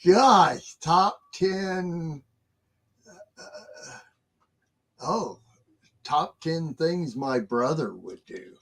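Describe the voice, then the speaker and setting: A man's voice: a little high, expressive, very slow, vocal fry, pauses often, fairly bright tone. A middle-aged man co-hosting a casual game chat, laughing often and hesitating with fillers. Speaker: co-host.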